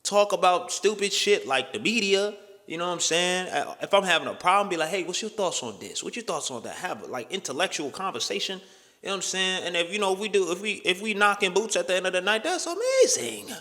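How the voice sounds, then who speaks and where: A man's voice: high-pitched, animated, a little fast, pushed and bright, long reverb tail. A young man talking bluntly into the camera in a casual opinion monologue. He swears freely and keeps asking "right?" and "you know what I'm saying". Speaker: vlogger.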